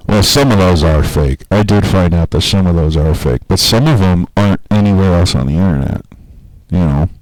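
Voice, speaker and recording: A low-voiced man talks through a long, profane story in a casual podcast chat. He laughs at his own tale and jumps up into a raised voice when he acts out what people said. The sound is dry and close, with little room around it. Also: normal speed, a little mellow, no room sound, low-quality recording.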